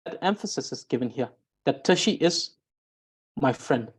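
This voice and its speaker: In a grammar lesson, a woman teaches Tibetan, explaining things carefully, pausing often, and frequently repeating and rephrasing her points. Her voice is very deep, husky, and expressive.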